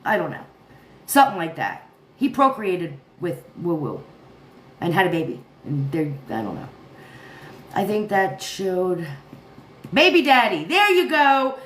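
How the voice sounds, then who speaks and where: A woman's voice: fairly low pitch, big pitch swings, a little slow, long pauses. A tired woman hosting a casual livestream, rambling, laughing often and chatting with her viewers and her cat. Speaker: livestream commentary host. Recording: echoey room with faint noise.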